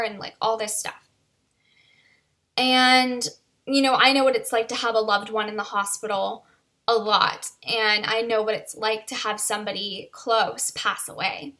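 A woman's voice: a little high, steady tone, normal speed, pushed and bright. A woman in her twenties telling a story in a casual vlog, chatty and full of "like" and "you know". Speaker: vlogger.

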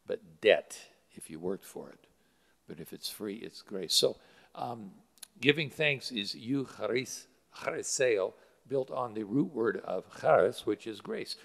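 Preaching in a church sanctuary, a male pastor explains Greek word roots in his sermon and leans on plenty of fillers. His voice is fairly low, creaky, and a bit bright, with the long reverb of a church hall.

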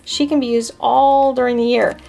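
A woman's voice: a little high, fairly even intonation, moderate pace, creaky, warm tone, faint music behind. A woman hosting a casual card-making tutorial, explaining her steps in a chatty way.

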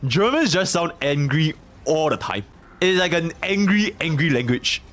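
Young man, streamer, casual rambling chat, animated, higher voice. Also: moderate pace. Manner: rambling, joking, bursts of loud laughter.

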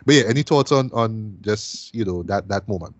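This is a man hosting a relaxed film review discussion. His voice sits low and sounds dry, with no room around it. He keeps the chat flowing and tags many thoughts with a quick "right?". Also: no room sound. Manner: chatty, ends many phrases with "right?". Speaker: podcast host and film reviewer.

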